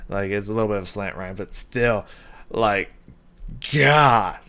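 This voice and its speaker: A man hosting a casual reaction video, excitable, swearing often and laughing between thoughts. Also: fairly low pitch, moderate pace, clean tone.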